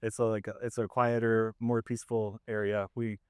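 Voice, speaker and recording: A man walking a group around his farm outdoors and explaining his methods in a loose, conversational way full of "like" and "um." His voice is a little hoarse, yet it comes through smooth and close. There is no room echo. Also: lowish voice, flat delivery, moderate pace, darkish tone. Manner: casual and conversational, with many fillers. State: slightly hoarse. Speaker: farmer leading a farm tour.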